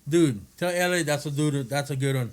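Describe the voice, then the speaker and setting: A man's voice: a little high, brisk. A man from Hawaii in his thirties, co-hosting a podcast in casual chat, joking, laughing and acting out quoted lines. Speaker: podcast co-host.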